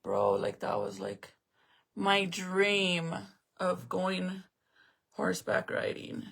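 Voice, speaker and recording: Tearful, gravelly woman livestreaming. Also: lowish voice, big pitch swings, takes it slowly, a bit bright. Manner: emotional, tearful, chatty with viewers. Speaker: livestream host. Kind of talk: casual livestream chat.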